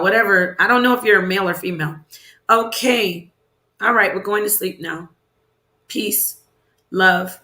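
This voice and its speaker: A woman rambles through a casual livestream, answering viewers and tossing questions back at them. Her voice is bright and forward, and the room lends it a noticeable echo. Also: mid-range voice. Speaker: livestream host. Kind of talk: casual livestream chat, reading viewer comments. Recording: roomy echo.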